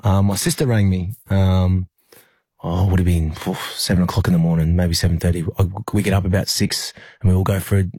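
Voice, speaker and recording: Young Australian male athlete, low husky voice, dry close sound, halting storyteller. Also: a little mellow, dry recording. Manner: halting, lots of fillers and restarts. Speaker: interview guest, rugby league player. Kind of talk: emotional personal storytelling.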